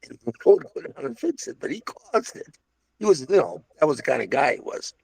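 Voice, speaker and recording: Older man, rambling anecdotes, creaky husky voice, dry close sound. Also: on the high side, wildly swooping pitch, fast talker, no echo. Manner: rambling storyteller, many restarts and asides. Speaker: interviewee recalling restaurant days. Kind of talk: casual reminiscing.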